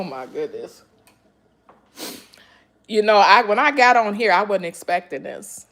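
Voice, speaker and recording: Streaming live from her home kitchen, this cooking channel host has a mid-range, fairly bright voice. Her talk to viewers is emotional, punctuated by breathy exclamations.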